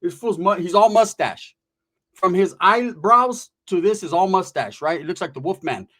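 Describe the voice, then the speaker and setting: A man from Northern California telling a casual story, animated and profane, acting out the voices of the people in it. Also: sits high, moderate pace.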